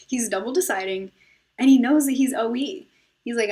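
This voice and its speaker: A woman's voice: on the high side, moderate pace, mellow. A woman hosting her own video, commenting casually on an interview clip, thinking aloud and giggling between guesses. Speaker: video host analyzing personality types.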